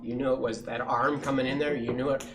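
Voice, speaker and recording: A man with a medium-pitched voice reads a picture book to children at a science center, fairly quickly and with lively storytelling, pausing to ask them questions. Crowd noise fills the background.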